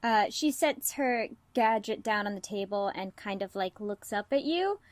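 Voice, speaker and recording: A woman's voice: medium pitch, lively intonation, normal speed, no echo. A woman narrating as game master in a tabletop game, casual and full of "like" and "um". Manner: casual, filler-heavy with lots of "like" and "um".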